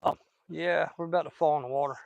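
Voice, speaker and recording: A man's voice: a little high, steady tone, quick pace, creaky, darkish tone, dry recording, muffled recording. A man with a Southern US accent chatting in a folksy, rambling way while fishing outdoors on a river. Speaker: fishing vlogger. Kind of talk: casual chat while fishing.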